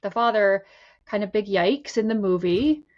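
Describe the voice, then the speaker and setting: A woman's voice: medium pitch, moderate pace, dull audio. A woman co-hosting a podcast as a mental health clinician, musing tentatively with many fillers. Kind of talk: casual podcast discussion.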